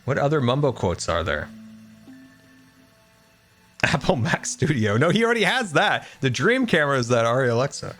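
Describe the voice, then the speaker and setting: A man hosting a casual game stream, joking and clowning with a friend. His voice sits in an ordinary middle range, relaxed and playful. Faint music plays under the talk. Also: medium pitch, normal speed, long pauses. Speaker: streamer host. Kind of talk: casual gaming chat.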